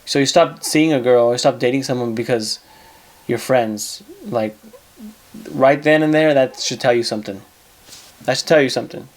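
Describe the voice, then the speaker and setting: A man's voice: medium pitch, moderate pace. Blunt, swearing man giving advice. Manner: blunt, profane, repeats himself for emphasis. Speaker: advice show host. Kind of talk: casual advice monologue.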